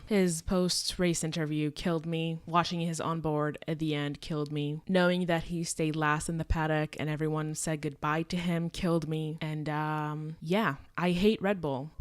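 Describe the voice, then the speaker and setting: A woman's voice: low voice, smooth, dry recording. A woman vlogger recapping a race as an emotional, rambling fan in casual chat.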